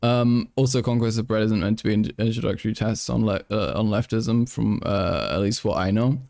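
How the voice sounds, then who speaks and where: A man's voice: lowish voice, a little fast, creaky, darkish tone, no room sound, clean studio sound. A man live-streaming casual commentary, joking and swearing as he reacts to a video. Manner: joking, swearing, switches into mock French.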